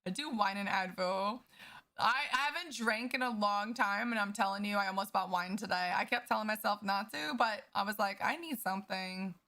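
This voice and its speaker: A woman's voice: mid-range voice, moderate pace, pushed and bright. A woman livestreamer chatting casually with her viewers, candid and profane as she vents. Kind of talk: casual chat with stream viewers.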